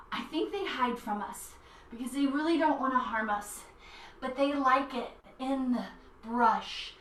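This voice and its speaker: A woman's voice: fairly high pitch, a bit bright, a little hiss or hum. A woman guiding a children's yoga class in a playful, encouraging way. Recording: roomy echo, mic at a distance.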